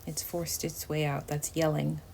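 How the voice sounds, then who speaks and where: A woman with a low-pitched voice talks her viewers through a tarot reading. She is chatty and emotive, and often drops to a near whisper. A steady background noise sits under the recording. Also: measured pace, gravelly. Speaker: tarot reader. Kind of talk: casual tarot reading to camera.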